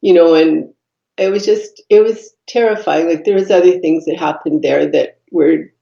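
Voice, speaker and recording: A woman, a podcast guest telling her life story in an earnest, reflective way, pausing often with fillers. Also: lowish voice, vocal fry, warm tone. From Canada. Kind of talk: personal storytelling in conversation. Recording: dull echoey room recording.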